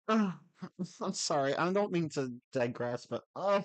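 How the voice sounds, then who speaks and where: A man's voice: fairly high pitch, lively intonation, a little slow. A man ranting casually on a livestream, rambling with many restarts and laughing as he talks. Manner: rambling, restarts often, laughs into his words. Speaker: streamer.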